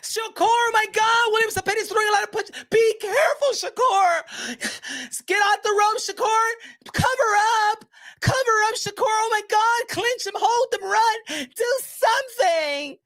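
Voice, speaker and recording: A man putting on the high, whiny voice of a timid boxing fan who frets and pleads in a panic. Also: a little slow, bright, forceful tone, full character voice. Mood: panicked. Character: fussy, timid male boxing fan, fretting.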